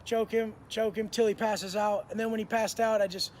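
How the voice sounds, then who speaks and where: A man's voice: high-pitched, little pitch movement, moderate pace, slight background noise. A man in his thirties telling prison stories in a blunt, profane, slang-heavy way. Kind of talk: casual storytelling to camera.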